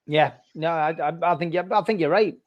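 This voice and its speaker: Male podcast host, slightly higher voice, hesitant delivery, casual football chat. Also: fairly quick, dull audio. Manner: hesitant, with stammered restarts before making his points.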